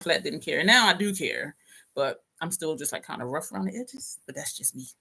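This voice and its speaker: A woman's voice: low voice, lively intonation, fairly quick, vocal fry, bright, forceful tone, slightly rough. A woman in her fifties, host of a casual livestream, telling a story to viewers, often laughing and reading out comments. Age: 50s.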